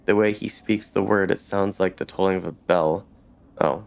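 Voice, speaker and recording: Creaky-voiced man reading game text. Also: sits low, steady tone, normal speed. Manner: reads narration, stops to comment casually. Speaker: let's play host.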